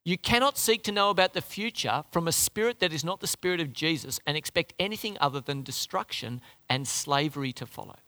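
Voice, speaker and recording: A man preaching a sermon in an animated, conversational way, often restarting his phrases. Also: on the high side, a little fast, hardly any pauses.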